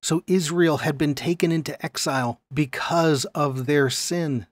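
A man teaching a Bible lesson on video in an animated way, often checking in with his listeners. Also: fairly high pitch, a little slow, no echo.

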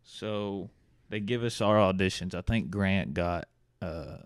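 A man's voice: low-pitched, slow, no echo. A young man, an actor guest, telling his story in a casual, easygoing interview chat. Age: young adult.

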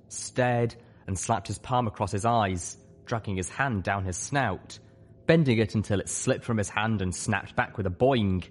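A man narrating a fan fiction audiobook with expressive storytelling. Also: on the low side, normal speed. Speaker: audiobook reader.

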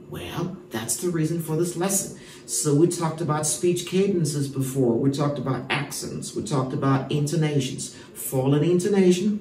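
A man's voice: on the high side, a little mellow, far from the mic, slight background noise. Guy teaching kids english, lots of "all right" and "why?", roomy echo, a bit off mic. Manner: emphatic, rhetorical questions, frequent "all right". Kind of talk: classroom lesson to children. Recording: echoey room, voice from off-mic.

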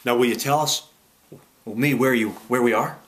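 A man reading aloud, voicing a loyal, matter-of-fact dog in a brisk raised voice. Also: medium pitch, a bit bright, natural voice. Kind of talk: audiobook character voice.

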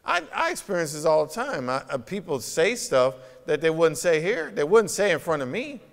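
A pastor preaches a sermon in a slightly high, sing-song voice at normal speed, emphatic and conversational and full of rhetorical questions. It was recorded in a church sanctuary with the long reverb of a church hall.

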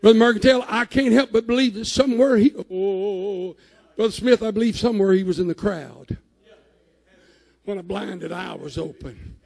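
A man preaching a sermon in a church, shouting at his peaks and dropping low in between. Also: normal speed, vocal fry, in a large hall. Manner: rising to shouted climaxes, then dropping low. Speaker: pastor. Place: church sanctuary.

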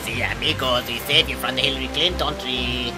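A cheerful comic sidekick with a mock-Mexican accent, played by a man. The voice swoops up and down a lot and sits a little high, in a homemade comedy musical. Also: wildly swooping pitch, takes it slowly, roomy sound, music in the background, exaggerated voice. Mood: boastful. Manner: mock Mexican accent, says "amigos", bouncy. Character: cheerful Mexican cowboy type, comic ally.

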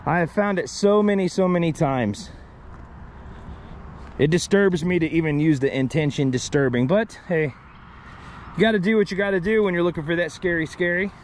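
Man vlogger, high and lively, rambling outdoors on a camera mic, traffic faint behind. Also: moderate pace. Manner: excitable, swears freely, chatty asides. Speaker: paranormal explorer vlogger. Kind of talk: walking vlog narration to the camera.

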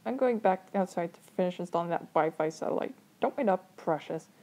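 A woman's voice: on the low side, fairly quick, a little mellow, close to an everyday voice. A woman voicing a crude young man who defends his bad joke and mocks the others in a fan story reading. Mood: mocking. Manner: defensive, mocking.

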